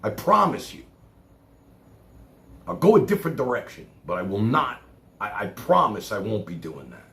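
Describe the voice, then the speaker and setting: A man from Brooklyn with a New York accent, livestreaming a rambling monologue from his chair, swinging from loud outbursts to low mutters and cursing freely. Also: very animated, moderate pace, pauses often. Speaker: live streamer. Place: home room, seated in chair. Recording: roomy echo, faint background noise.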